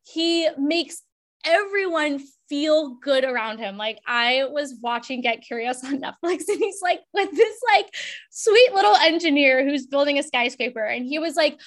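A young woman hosts a casual podcast conversation, bubbly and rambling with heavy use of "like". Her high, fairly bright voice has lively intonation and a moderate pace.

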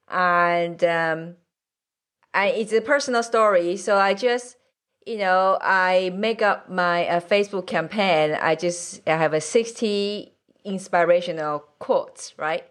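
Woman, late forties, mixed accent, podcast host, unhurried, halting with fillers, laughs a lot. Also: lowish voice. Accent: mixed accent from several places. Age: 40s. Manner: halting, with frequent fillers and restarts, laughs often. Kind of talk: casual conversational interview.

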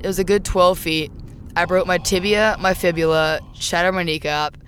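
A young woman telling personal stories as a guest in casual chat. She is animated and profane, and shouts when reenacting her own outbursts. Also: fairly low pitch, normal speed, a little hiss or hum. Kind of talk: casual storytelling.

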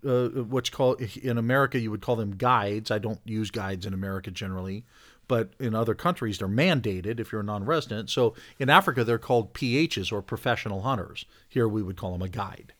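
A man telling a camp story in casual talk, animated, getting louder at the funny parts. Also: on the low side, a little fast. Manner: animated storyteller, rising loud for punchlines. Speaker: podcast guest, hunter.

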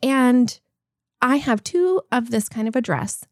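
Podcast co-host, woman, 40s, animated storyteller, bright higher voice, dry close sound. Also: measured pace, no room sound. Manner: animated storytelling, laughs often. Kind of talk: casual chat.

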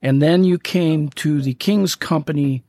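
A man's voice: a little high, a little slow, warm tone, no echo. Enthusiastic man hosting a faith podcast. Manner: enthusiastic, rambling with fillers. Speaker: podcast host. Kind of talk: casual faith podcast chat.

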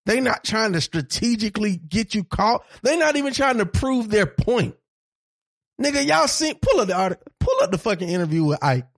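A man's voice: sits high, big pitch swings, moderate pace, creaky, no echo, clean studio sound. A man co-hosting a casual podcast chat, heated and profane, repeating his points for emphasis. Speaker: podcast co-host.

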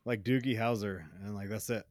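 A man's voice: lowish voice, steady tone, fairly quick, no room sound, studio quality. A man co-hosting a live stream, chatting casually and asking his friends rambling, curious questions. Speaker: stream co-host. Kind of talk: casual chat.

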